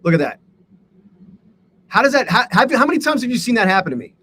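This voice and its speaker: A man's voice: very high voice, very animated, fast talker, pushed and bright, a little hiss or hum. A man hosting a live day-trading stream, talking to his chat in a profane, exasperated rant. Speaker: livestream host and day trader.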